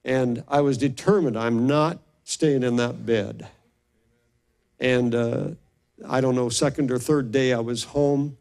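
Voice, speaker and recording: A man's voice: mid-range voice, fairly even intonation, takes it slowly, creaky, a little mellow. An older man, a pastor, telling stories in an earnest, emotional sermon and often restarting his sentences. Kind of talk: sermon storytelling.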